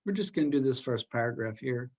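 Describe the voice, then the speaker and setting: A man's voice: mid-range voice, lively intonation, quick pace, darkish tone, slightly rough. A man teaching a class in a casual, rambling way, joking with his students and using lots of fillers.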